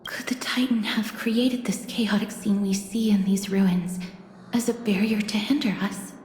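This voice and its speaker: An actress voicing a gentle, soft-spoken young woman in a game who hears Titans, in a breathy, hushed whispered role-play. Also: mid-range voice, fairly even intonation, a little slow, a little hiss or hum, close to an everyday voice. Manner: hushed and reverent. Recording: reverberant game audio with music.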